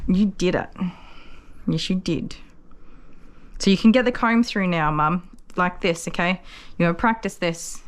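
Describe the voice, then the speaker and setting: Aussie lady groomer vlogging, lowish voice, chatty, explains stuff, coos at the pup. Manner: chatty, explains each step to viewers, coos softly to the puppy. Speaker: dog groomer. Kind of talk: casual vlog narration while working.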